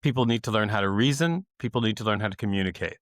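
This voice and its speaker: Lively storytelling man, dry sound. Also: fairly low pitch, racing, no echo. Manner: animated storyteller who acts out quoted voices and laughs often. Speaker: comedian and cartoonist guest. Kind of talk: conversational storytelling interview.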